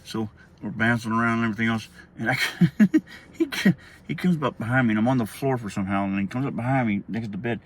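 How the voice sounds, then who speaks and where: A man's voice: medium pitch, quick pace. A middle-aged man, telling a childhood story in a casual, rambling way, often laughing and acting out quotes. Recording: faint background noise.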